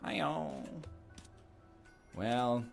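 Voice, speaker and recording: A man's voice: mid-range voice, very slow, creaky, soft background music. A man giving rambling, jokey commentary while playing a video game, full of wry asides. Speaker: gameplay commentator. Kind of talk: gameplay commentary with rambling jokes.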